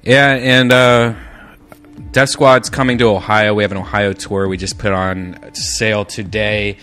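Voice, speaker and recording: A man co-hosting a podcast, laid-back and quick to agree. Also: on the low side, level tone, bright, forceful tone. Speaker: podcast co-host. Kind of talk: casual chat. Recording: faint music behind.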